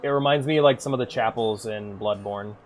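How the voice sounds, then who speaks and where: A man streaming a game, rambling and swearing freely as he thinks out loud between moves. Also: fairly low pitch, fairly quick, slight background noise. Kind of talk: casual gameplay commentary.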